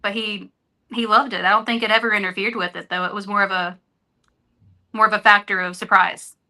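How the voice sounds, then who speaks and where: Speaking a little fast in a steady, sharp-toned, mid-range voice, a woman appears as a podcast guest and shares stories with earnest openness in a candid conversation.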